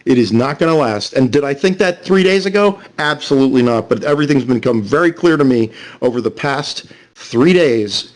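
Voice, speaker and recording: A man's voice: medium pitch, moderate pace. A man ranting scornfully over a voice call, repeating himself as he goes on. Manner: animated, repetitive, scornful rant. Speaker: streamer on a voice call.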